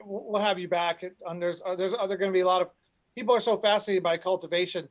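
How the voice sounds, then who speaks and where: A male panel host with a notably high voice, moderating an online discussion. He rambles and restarts his sentences often, heard over a video call. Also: steady tone, quick pace.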